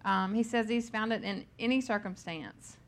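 A woman's voice: mid-range voice, moderate pace. Chatty woman leading a Bible study. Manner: chatty and personal, laughs at her own stories, many ums. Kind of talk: scripture reading and informal Bible teaching.

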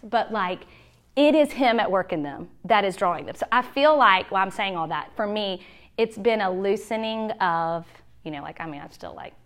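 A woman's voice: animated, normal speed. A woman, giving a chatty, heartfelt church workshop talk and acting out quoted lines. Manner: chatty, heartfelt, acts out quotes with big pitch swings. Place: church meeting room.

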